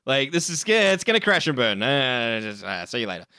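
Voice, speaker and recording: A man's voice: mid-range voice, very animated, brisk, sharp tone, smooth, dry recording, studio quality. Profane joking man. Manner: profane, joking, laughs often. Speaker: streamer host. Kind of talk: casual chat.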